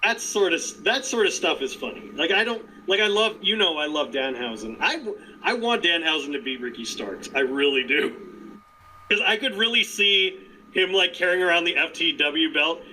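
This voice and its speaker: An animated man chatting on a podcast. His voice is bright and fairly high, and it swings widely in pitch. He laughs often and keeps stopping to restart his sentences. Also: normal speed, slight background noise, rough recording. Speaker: podcast co-host. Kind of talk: casual chat.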